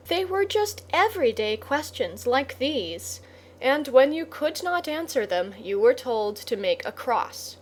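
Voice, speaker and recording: A woman reads a classic children's novel aloud at a slow, measured pace. Her storytelling is gently wry, with confiding asides to the listener. Her voice sits a little high, with a faint hiss behind it. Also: very animated. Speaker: audiobook narrator. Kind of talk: storybook narration.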